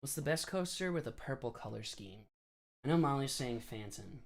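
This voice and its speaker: A young man in his late twenties, originally from the New York area, hosts a casual live stream from his desk. His talk rambles and is packed with filler words and quick laughs, in an ordinary mid-range voice. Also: mid-range voice, expressive, gravelly. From New York area, USA. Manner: chatty, filler-heavy, laughing often. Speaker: live streamer answering chat.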